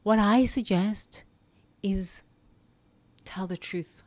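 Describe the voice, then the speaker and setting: A woman speaks in an earnest, coaching way in a reflective self-help monologue. She poses questions and answers them herself, steady and sincere. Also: lowish voice, unhurried.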